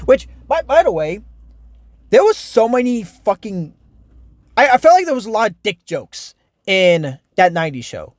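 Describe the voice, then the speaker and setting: High-voiced young man ranting. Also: sing-song, normal speed, dry recording. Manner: frustrated, rambling, many restarts and fillers. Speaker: TV reviewer. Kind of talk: casual ranting review.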